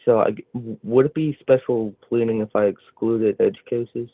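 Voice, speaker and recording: Male caller, low and creaky, unsure and stumbling, phone-line audio. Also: steady tone, dry recording. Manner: hesitant, halting, many false starts. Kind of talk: call-in debate. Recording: dry tinny phone line.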